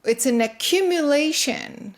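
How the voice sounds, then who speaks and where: A woman guest in an interview, earnestly explaining her ideas in quick bursts with frequent restarts. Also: high voice, animated. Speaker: guest, consciousness researcher. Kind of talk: interview conversation.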